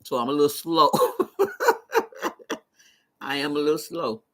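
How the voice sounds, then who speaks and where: A woman's voice: low voice, a little slow. A woman hosting a casual live stream who tells stories with lots of laughter and talks back to her chat. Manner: animated storytelling, laughs often.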